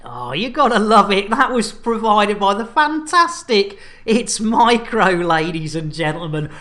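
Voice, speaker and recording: A woman chatting casually to her viewers on a live game stream, animated and chatty with lots of fillers. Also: medium pitch, a little slow. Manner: animated, chatty, full of fillers and thank-yous.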